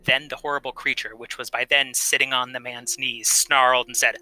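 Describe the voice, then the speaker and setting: Bright-voiced male storyteller. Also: medium pitch, steady tone, soft background music, low-quality recording. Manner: measured, dramatic storytelling pace. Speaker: storytelling podcast host. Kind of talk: folk tale reading and chat.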